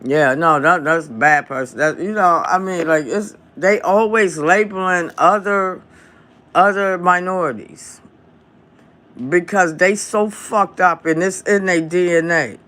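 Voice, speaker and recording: A man hosting a live stream from home, talking in a heated, profane, drawn-out rant into his phone. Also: sits high, pushed and bright. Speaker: livestream host.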